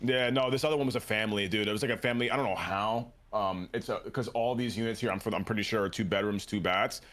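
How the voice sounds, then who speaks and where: A man streaming a baseball game, telling a story in a loose, profane, animated way. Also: quick pace. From New Jersey. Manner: animated, profane, jumps into shrill impressions. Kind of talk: casual live-stream storytelling.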